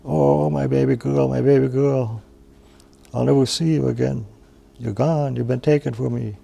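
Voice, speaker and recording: A man voicing a grieving old woman, Mother Earth, in a drawn-out crying lament. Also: fairly low pitch, warm tone, close to an everyday voice.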